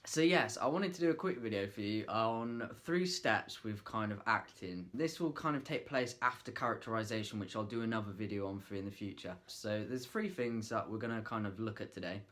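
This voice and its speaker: A man's voice: lowish voice, a little fast, hardly any pauses, fairly bright tone. A man talking casually to camera, giving acting tips in a loose, chatty way with lots of fillers, trying out lines in different ways. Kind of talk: casual vlog tutorial.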